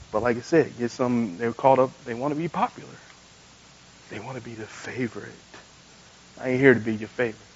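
A man preaching a sermon as pastor, telling stories animatedly and swinging between loud emphatic lines and quiet soft ones. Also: medium pitch, lo-fi sound. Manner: animated storytelling, acts out voices in quotes.

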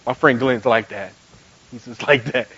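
A man preaching a sermon as pastor, telling stories animatedly and swinging between loud emphatic lines and quiet soft ones. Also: medium pitch, moderate pace, breathy edge, lo-fi sound. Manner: animated storytelling, acts out voices in quotes.

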